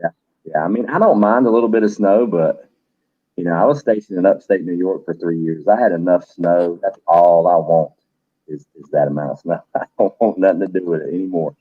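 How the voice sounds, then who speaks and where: A middle-aged man hosts a livestream, chatting loosely, cursing now and then, and greeting viewers by name. His voice sits low and sounds slightly rough, and he talks fairly quickly. The recording is dry with phone-quality sound.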